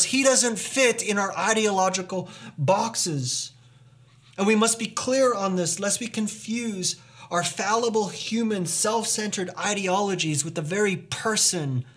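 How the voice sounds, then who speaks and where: High-voiced man preaching emphatically. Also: a bit bright. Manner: earnest, emphatic preaching with rhetorical questions. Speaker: pastor. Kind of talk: sermon.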